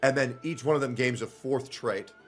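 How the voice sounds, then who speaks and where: A man's voice: medium pitch, moderate pace, soft background music. A man moderating a streamed debate, asking guests questions and turning to chat. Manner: addresses chat, wraps up politely.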